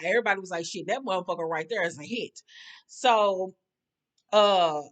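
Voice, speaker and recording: A woman giving casual, blunt commentary on a reality show episode, talking in heavy slang with profane, sassy asides. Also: fairly low pitch.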